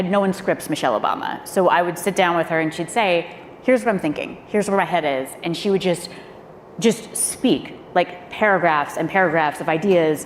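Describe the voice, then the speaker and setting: Low-voiced woman speechwriter in an echoey hall. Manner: animated, acts out quoted voices. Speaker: former speechwriter on a panel. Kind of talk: candid storytelling on a live panel. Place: event hall. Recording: echoey hall with faint noise.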